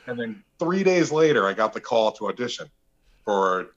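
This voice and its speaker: A man being interviewed tells relaxed anecdotes and acts out the lines of the people in them. His voice sits at an ordinary pitch. The recording is dull and lo-fi. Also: moderate pace. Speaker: actor, interview guest. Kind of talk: casual interview storytelling.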